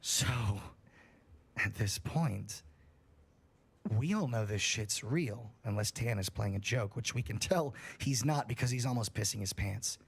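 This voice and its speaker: A young man reading a scary story aloud on a livestream, in a profane, animated storytelling manner. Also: lowish voice, a little slow, vocal fry, husky.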